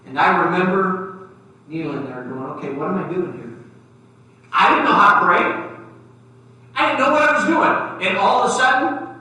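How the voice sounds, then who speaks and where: A man preaching a sermon, telling a personal story and acting out the dialogue, swinging between loud and soft. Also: sits high. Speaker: pastor. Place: church sanctuary. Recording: very echoey church from far off.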